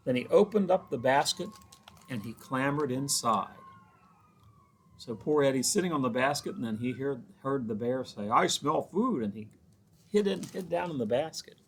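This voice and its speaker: A man's voice: mid-range voice, animated, moderate pace, breathy edge. A man who is a children's librarian, reading a picture book aloud with chatty asides to the children.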